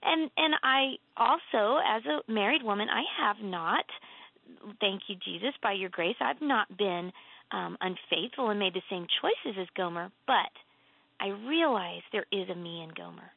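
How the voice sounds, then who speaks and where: A woman author guest in a casual faith conversation, telling earnest, animated stories with emphatic lifts in her voice. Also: medium pitch, unhurried, creaky, husky, no room sound. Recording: tinny phone-like line.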